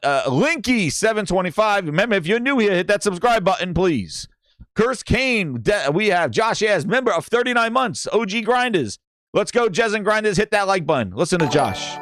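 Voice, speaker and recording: A man's voice: high-pitched, no echo, studio quality. A man hosting a gaming livestream, ranting with profanity and calling out viewers in the chat. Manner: animated, profane, shouting out chat names.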